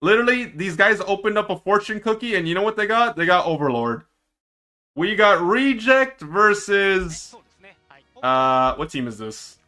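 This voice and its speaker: A man streaming himself reacting to an esports match, excitable and teasing, with drawn-out dramatic groans. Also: high-pitched, faint music behind. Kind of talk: casual live-stream reaction commentary.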